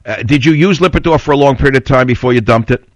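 A man's voice: mid-range voice, fast, dry recording. An older man hosting a talk radio show, blunt and combative, rambling through stories and opinions. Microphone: studio mic. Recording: dull, slightly lo-fi radio audio.

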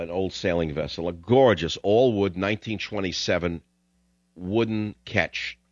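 An older man holds forth on his radio talk show, drifting from topic to topic and flaring into combative rants. His voice sits low, and the sound is dry and a bit dull. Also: dry recording. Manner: combative, rambling, ranting. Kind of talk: opinionated radio monologue.

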